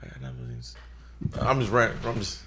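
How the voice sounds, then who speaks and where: Low-voiced, wry male podcast co-host. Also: big pitch swings, a little fast, a bit bright, slight background noise. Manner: wry, joking. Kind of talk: casual chat.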